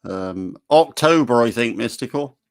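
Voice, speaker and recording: A man's voice: medium pitch, expressive, unhurried, vocal fry, dry recording. A man chatting casually on a stream in a laid-back, dry, teasing way. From not from Cornwall. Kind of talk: casual chat.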